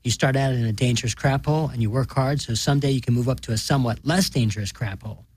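Guy doing a coarse blunt middle aged dude lecturing the kids, husky, dry sound. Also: mid-range voice, quick pace, a little mellow, no echo, lightly acted.

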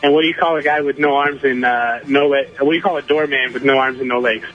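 A man calls in with riddle jokes, cheerful and quick at a middle pitch. The phone line dulls his voice. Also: fairly even intonation, soft background music. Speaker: caller. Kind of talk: telling a joke on the phone.

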